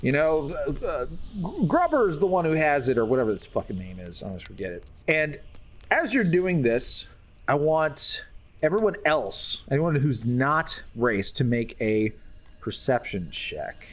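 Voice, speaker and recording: Loose male game master, animated pitch, casual narration. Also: measured pace.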